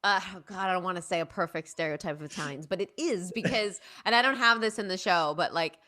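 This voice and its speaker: Bright, animated New woman. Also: on the low side, fast talker. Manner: animated storyteller, acts out family voices. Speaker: guest, performer of a one-woman show. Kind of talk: casual interview chat.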